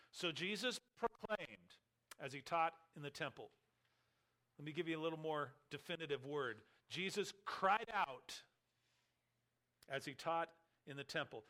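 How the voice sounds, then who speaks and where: A man's voice: fairly high pitch, sharp tone. A man preaching an expository sermon as a pastor, emphatic and full of rhetorical questions.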